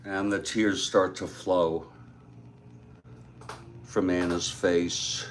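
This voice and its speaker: A man casually retelling a story aloud, unhurried, with frequent fillers and asides. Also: low-pitched, little pitch movement, slight background noise.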